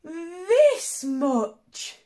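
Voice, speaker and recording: A woman voicing a tiny, eager young male rabbit in a picture-book reading, lifting her voice high and bright. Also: very slow, full character voice. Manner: bright and excited.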